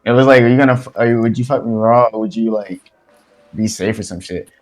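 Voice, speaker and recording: A man's voice: fairly low pitch, fast talker, low-quality recording. A young man on a podcast, telling stories in a blunt, profane, casual way. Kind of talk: casual chat.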